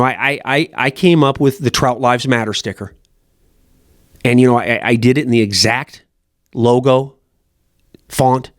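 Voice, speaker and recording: A man's voice: medium pitch, no echo, studio quality. A middle-aged man who runs a fly shop, talking in a blunt, profane, rambling way. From Montana, USA. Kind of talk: casual rambling monologue.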